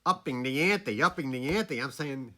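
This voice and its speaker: A man telling a story about a former student in a casual, animated way, chuckling between lines. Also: medium pitch, moderate pace.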